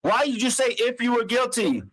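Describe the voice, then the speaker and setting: A man's voice: very high voice, animated, brisk, a bit bright. A father on a phone call, angrily accusing and cursing, demanding the truth. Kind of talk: heated phone argument.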